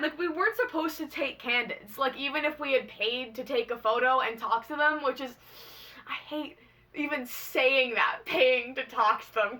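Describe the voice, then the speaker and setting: Young woman vlogger, storytime; bubbly, excitable, slangy; bright tone, slightly high. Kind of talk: casual storytime.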